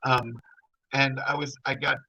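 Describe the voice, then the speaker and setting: A man's voice: medium pitch, little pitch movement, unhurried, gravelly, sharp tone, lo-fi sound, a little hiss or hum. A middle-aged man telling a personal story in a rambling, conversational way. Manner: rambling, conversational, full of fillers.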